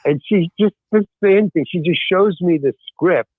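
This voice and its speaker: A man, an actor and guest, telling an anecdote in a lively way, acting out the other people in his story and swearing casually. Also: sits high, moderate pace, no room sound. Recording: tinny phone-like line.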